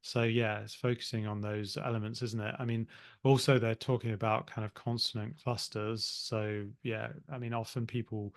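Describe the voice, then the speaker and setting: Homem de voz rouca, conversa tranquila. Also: male voice, fairly low pitch, level tone, normal speed. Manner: easygoing, agreeable, tag questions. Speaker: podcast co-host. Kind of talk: casual chat.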